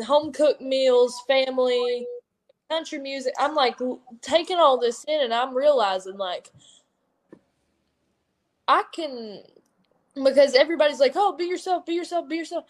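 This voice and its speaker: A twenty-one-year-old woman from Kentucky with an Appalachian accent, a wrestler talking loudly and rambling in an interview. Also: fairly high pitch. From Kentucky, USA. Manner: loud, rambling, self-deprecating. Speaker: professional wrestler. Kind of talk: casual interview chat.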